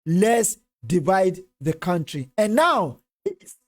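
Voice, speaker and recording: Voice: medium pitch, sing-song, takes it slowly, noisy background. A Nigerian speaker with a Yoruba-tinged accent giving impassioned political commentary, fervent and repetitive. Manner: fervent, repetitive, switches between English and Yoruba.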